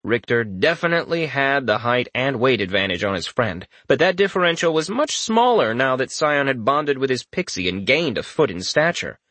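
Expressive male audiobook narrator. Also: medium pitch, normal speed, few pauses, no room sound. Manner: expressive, storytelling.

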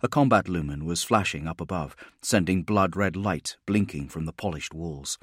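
A man reads a science-fiction audiobook in a steady, measured storytelling manner. His voice sits low, recorded dry and close with no room sound. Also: slightly rough, no room sound. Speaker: audiobook narrator. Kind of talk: scripted narration.

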